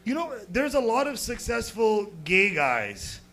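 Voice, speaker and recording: Young man, american accent, stand-up comic, crude rambling, high voice, gravelly fry. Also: huge pitch swings, unhurried. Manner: crude, rambling, swings between loud bursts and muttered asides. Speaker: stand-up comedian. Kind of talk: stand-up set at an open mic.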